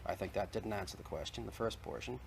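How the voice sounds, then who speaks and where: A deep-voiced, fast-talking man with vocal fry argues as a debate guest on a 1960s TV broadcast from the archives. He persists in his case, setting out evidence point by point, over a little hiss or hum.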